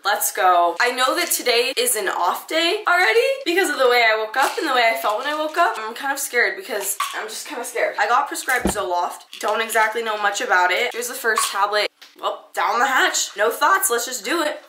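A young woman speaking candidly and emotionally in a video diary, tired and low. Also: lively intonation, brisk, background noise. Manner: candid, emotional, tearful at times. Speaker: vlogger.

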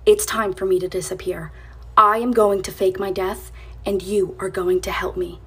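A woman doing an eerily calm whispering captive. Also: mid-range voice, normal speed, breathy edge. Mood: eerie calm. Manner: cold whisper.

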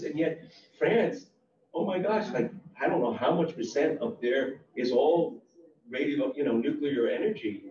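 A man speaking as an audience member at a library talk, animated and rambling. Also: a little high, measured pace. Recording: roomy, distant, muffled with faint noise.

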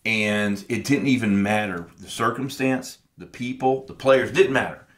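A man's voice: lowish voice, measured pace. A middle-aged man co-hosting a podcast, telling a personal story in an earnest, reflective way and acting out his past conversations. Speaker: podcast co-host.

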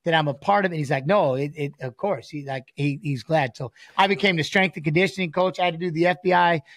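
Middle-aged guy chatting on a podcast, kinda high voice, dry studio sound, acts out what his kid said. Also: fast talker, fairly bright tone, no room sound. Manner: storytelling, acts out quotes of his son and himself. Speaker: guest, former fighter; volunteer high school coach. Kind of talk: casual podcast chat.

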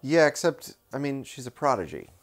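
A man co-hosting a casual movie review chat, animated and swearing freely. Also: mid-range voice, normal speed. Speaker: co-host.

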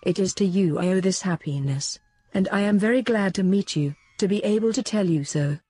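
Grateful old soldier, woman reading, earnest, measured, husky, dry. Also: mid-range voice, warm tone, dry recording, lightly acted.

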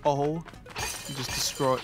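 A man's voice: a little high, steady tone, a little slow. A young man chatting casually beside a gamer, laughing often, swearing and giving puzzle tips. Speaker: co-host watching and advising on gameplay. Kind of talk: casual let's-play chat. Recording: music playing behind.

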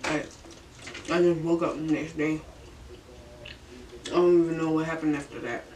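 A woman's voice: sits low, fairly even intonation, moderate pace, darkish tone. A young woman vlogger telling a story in her bedroom during a mukbang, laid-back, slangy and profane, laughing often. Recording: roomy, distant mic, faint hiss.

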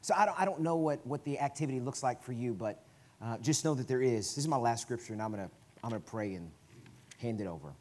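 A guest preacher, a man with a Southern US accent, talks to the congregation in a loose, conversational way. His pitch sits in the middle, but he swings between soft, low asides and sudden loud, emphatic bursts as he preaches in the church. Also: animated, fast talker. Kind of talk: sermon. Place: church sanctuary.

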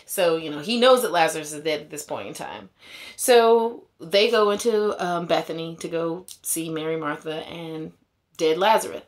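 A woman's voice: deep voice, normal speed. A woman giving a casual Bible retelling, paraphrasing in slangy everyday speech with conversational asides and frequent laughter. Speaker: Bible teacher.

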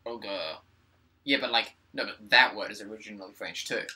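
A man's voice: on the low side, moderate pace, sharp tone. A young man doing casual gameplay commentary at home, sarcastic and exasperated as he banters with a friend. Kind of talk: casual let's play commentary. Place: home room.

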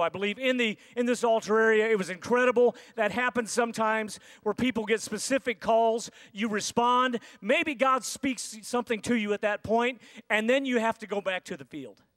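A man preaching a sermon as senior pastor, with dramatic pauses and acted-out inner voices. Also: high-pitched, a bit bright. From United States. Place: large church sanctuary. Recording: dry sound with long hall reverb.

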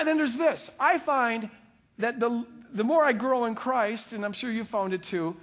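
Middle-aged male pastor, high-pitched, animated sermon delivery with stammering restarts.

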